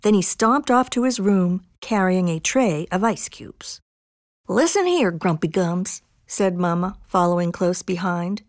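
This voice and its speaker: A woman reading a children's picture book aloud in an expressive, bouncy storytelling manner. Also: on the low side, a little slow, hardly any pauses, dry recording, studio quality. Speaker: storybook reader.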